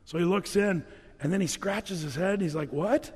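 A man's voice: sits high, fairly quick, a little mellow, husky, long reverb tail. A man pastor preaching a sermon, telling Bible stories in a casual, humorous way. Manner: conversational, humorous storytelling preacher.

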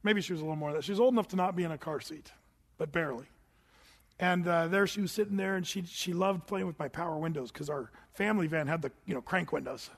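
A man's voice: on the high side, fast, creaky. A middle-aged man preaching a sermon in a large church, telling stories and acting out the voices in them. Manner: animated storytelling, acts out voices. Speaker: pastor. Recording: long hall reverb.

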